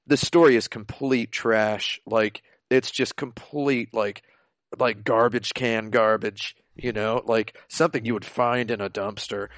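Podcast co-host, man, excitable emphatic ranter, dry video-call sound. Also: on the low side, unhurried, no echo. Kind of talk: casual chat.

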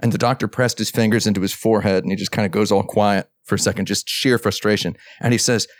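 Low-voiced man telling a comic doctor story. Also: fairly even intonation, fast, no room sound. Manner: acts out both sides of a story, jumping into a high voice for others' lines. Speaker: podcast host. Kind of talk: casual chat, telling a long comic anecdote.

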